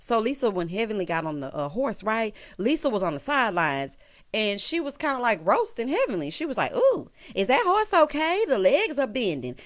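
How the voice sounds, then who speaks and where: A woman's voice: a little high, a bit bright. A woman recapping a reality show in a sassy, chatty way, talking straight to the cast. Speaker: recap vlogger.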